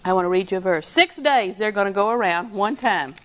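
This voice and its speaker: A woman's voice: mid-range voice, expressive, brisk, few pauses, a bit bright. A middle-aged woman, preaching a sermon in a folksy, storytelling way with lots of repetition.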